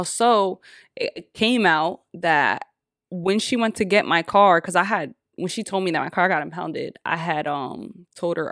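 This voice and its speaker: Animated, profane woman telling a story. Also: on the low side, a little slow, dry recording, studio quality. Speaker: podcast co-host. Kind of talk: casual storytelling chat.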